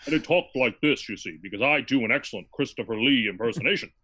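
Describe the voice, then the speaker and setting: A man putting on an impression of an elderly, deep-voiced actor, speaking slowly and solemnly. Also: expressive, bright, forceful tone, husky.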